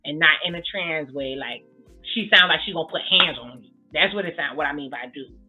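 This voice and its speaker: A woman's voice: sits low, a little fast, husky. Blunt, sassy woman on a tinny line. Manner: blunt, sassy, swears freely. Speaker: reality TV recap vlogger. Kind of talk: casual commentary. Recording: tinny phone-like sound with faint music.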